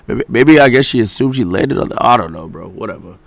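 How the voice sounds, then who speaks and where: A man's voice: mid-range voice, lively intonation, fast, gravelly, dry recording. A male streamer reacting to clips in casual, incredulous commentary, swearing and using slang.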